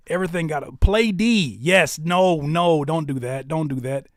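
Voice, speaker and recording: A man hosting a live stream, reacting to viewer music with animated, slangy, profane joking banter and teasing the chat. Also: on the high side, moderate pace, hardly any pauses, no echo, studio quality. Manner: reads out chat comments and teases viewers.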